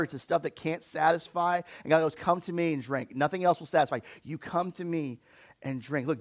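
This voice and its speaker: A young man with a high-pitched voice preaches to his church. He talks in an easy, conversational way. He keeps putting direct questions to the people listening. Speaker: pastor. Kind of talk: sermon.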